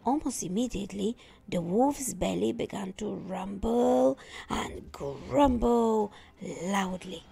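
A woman reading a children's storybook aloud, taking her time over each phrase. Her voice is husky with a gravelly edge, and she tells the tale dramatically, with faint music underneath. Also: mid-range voice, slow pace, dark tone.

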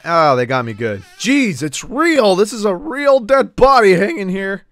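A man streaming a horror game with jokey commentary, loud reactions and swearing. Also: sits high, big pitch swings, a little slow. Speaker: gaming streamer. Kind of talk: casual let's-play commentary.

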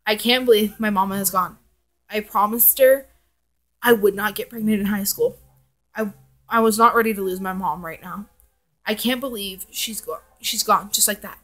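A woman's voice: medium pitch, normal speed, fairly bright tone, lightly acted. A woman reading as a grieving teen girl. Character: heartbroken pregnant teen girl grieving her mother.

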